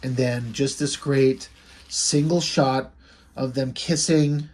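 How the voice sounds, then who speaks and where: A man's voice: medium pitch, fairly even intonation, slow pace, darkish tone, slight background noise. A man recapping and reviewing a comic book in casual talk, enthusiastic and blunt, swearing now and then.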